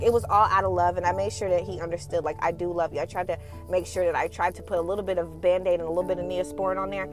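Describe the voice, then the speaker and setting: A woman hosting a casual spiritual podcast, talking in a blunt, sassy and profane way and laughing often. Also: mid-range voice. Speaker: podcast host and twin flame coach.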